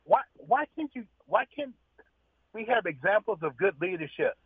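A man's voice: high voice, very animated, moderate pace, husky, no room sound. A man calling into a radio show by phone, speaking earnestly and complaining. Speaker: caller. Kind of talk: call-in radio conversation. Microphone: phone line. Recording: tinny phone line.

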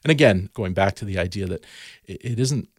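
A man's voice: low-pitched, animated, a little fast, no room sound, studio quality. A man, a garden educator, talking casually as a podcast guest and telling stories with lots of restarts and fillers. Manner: storytelling, many restarts and fillers.

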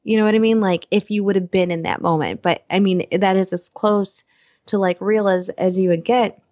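A woman's voice: medium pitch, fairly even intonation, moderate pace, darkish tone, no echo, highs cut off. A woman in her thirties, a co-host chatting casually and acting out her own reactions over a video call. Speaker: podcast co-host. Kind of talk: casual chat.

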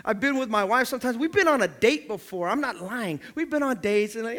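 A man preaching a sermon, telling animated stories and building to loud, emphatic preaching. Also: sits high, fast talker, hardly any pauses. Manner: animated storytelling, acting out the people in his stories. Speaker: pastor.

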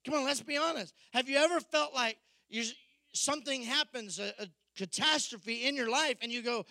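A man preaching a sermon, animated and acting out the people in the story with quoted voices. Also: very high-pitched, normal speed, dry recording. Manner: animated, acts out Bible figures in quoted voices. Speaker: pastor.

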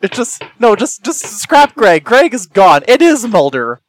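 A podcast co-host chatting casually, quick and wry, sometimes stammering when starting a thought. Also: mid-range voice, big pitch swings, over music, rough recording. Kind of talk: casual chat.

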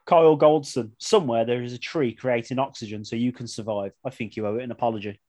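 A man's voice: medium pitch, fast. A man hosting a casual podcast, reading out listener submissions and laughing often. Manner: lively, laughs often while reading out lines. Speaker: podcast host.

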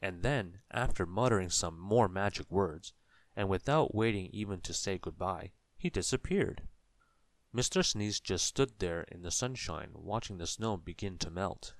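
A man reads a children's story aloud in a gentle, measured way. His voice is deep and he takes his time. The recording is close and dry, with no room sound. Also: no echo.

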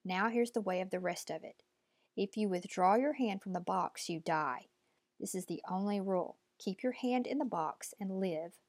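A woman's voice: mid-range voice, normal speed, dry recording, close to an everyday voice. A woman voicing a stern, commanding old woman who gives clipped, imperious orders, in a dry, close recording.

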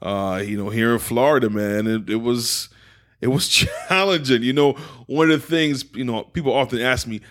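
A man from England with an American accent, a guest telling his story in a relaxed, reflective way and often saying "man". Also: mid-range voice, normal speed. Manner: laid-back, reflective, peppers talk with "man". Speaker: podcast guest, poet and entrepreneur. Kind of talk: casual conversational interview.

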